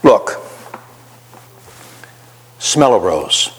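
Slow-preaching man in a reverberant hall. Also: fairly low pitch, very animated, fairly bright tone, slightly rough. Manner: slow, rhetorical questions, acts out the inner voice. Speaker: pastor. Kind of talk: sermon.

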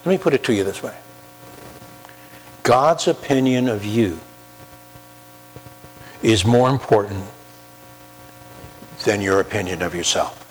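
A man preaching a sermon, emphatic, with slow drawn-out pauses and repeated key phrases. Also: on the low side, animated. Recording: long hall reverb with faint mains hum.

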